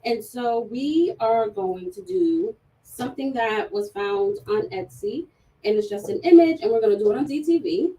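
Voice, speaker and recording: Casual livestream host lady, kinda high voice, laughs a lot, sounds a bit far off with faint room hum. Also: expressive, normal speed, dark tone. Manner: chatty, laughing, many fillers.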